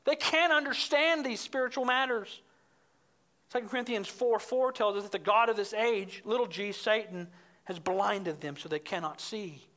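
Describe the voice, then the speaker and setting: A woman preaching from the pulpit with a bright, forceful voice. She works through scripture in an expository sermon and presses her points home with emphasis, climbing higher and louder as she builds. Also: moderate pace. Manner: emphatic, rises in pitch and volume when stressing points.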